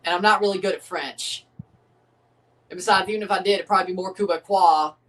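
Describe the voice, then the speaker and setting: A man hosting a live watchalong of a football match, excitable and opinionated, often exclaiming and laughing at the action. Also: high voice, fast talker, far from the mic. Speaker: livestream host reacting to a match.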